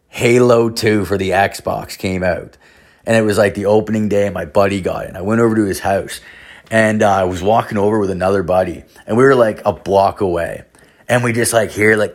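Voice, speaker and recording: A man in his thirties hosting a podcast, telling a rambling, profane story full of fillers. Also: lowish voice. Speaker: podcast host. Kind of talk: casual storytelling monologue.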